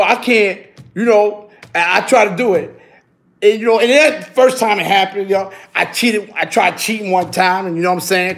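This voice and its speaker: High-voiced animated man in his fifties. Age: 50s. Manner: animated, keeps adding "you heard?". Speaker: YouTube streamer. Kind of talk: casual storytelling.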